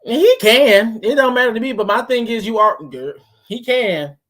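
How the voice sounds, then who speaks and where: A woman with a slightly high voice and lively intonation offers reaction commentary on a podcast clip at a moderate pace. She analytically dissects the tone and wording of what was said.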